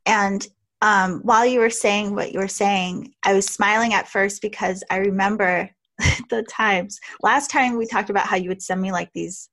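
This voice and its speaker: A woman's voice: medium pitch, fairly even intonation, moderate pace, fairly bright tone. A woman hosting a podcast, talking in a conversational, reflective way. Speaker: podcast host. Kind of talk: casual chat.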